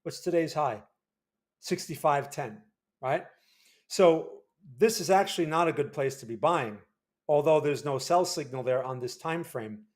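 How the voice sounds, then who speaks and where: A man hosting a livestream of market chart analysis in a casual way, often tagging his sentences with a quick question to his viewers. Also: fairly high pitch. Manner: casual, frequent tag questions.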